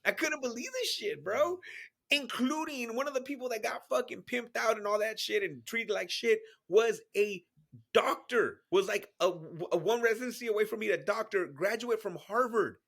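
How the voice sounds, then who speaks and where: A man in his thirties co-hosting a podcast, talking in an animated, profane way and laughing often. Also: high-pitched, normal speed, gravelly. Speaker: podcast co-host. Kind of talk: casual chat.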